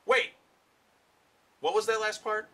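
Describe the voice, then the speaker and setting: A man's voice: high voice, fairly even intonation, slow, over loud music. A man ranting through a comedic film review, profane and exasperated. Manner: profane, exasperated, shouting outbursts.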